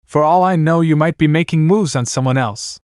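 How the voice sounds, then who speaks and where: A man's voice: fairly high pitch, a little fast, a little mellow, clear, resonant tone, dry recording, clean studio sound, pitched above the performer's own voice, close to an everyday voice. A man voicing a playful, confident young woman with a teasing manner.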